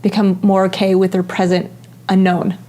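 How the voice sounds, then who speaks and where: A woman's voice: medium pitch, completely flat delivery, normal speed, dark tone. A woman coach hosting a casual conversation, talking in a chatty, agreeable way full of "like" and "you know". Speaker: coach and show host. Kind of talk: casual chat.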